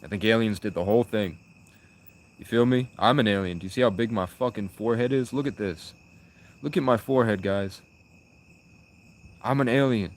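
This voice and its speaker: A young man rambling casually on a livestream, trailing off and restarting, with sudden loud bursts. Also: on the low side, normal speed, pauses often.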